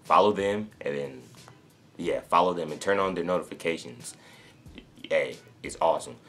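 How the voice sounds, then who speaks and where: A man's voice: extremely low pitch, moderate pace, a bit bright. A young man from North Carolina, rambling through a casual story to camera with many fillers and restarts. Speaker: sneaker vlogger.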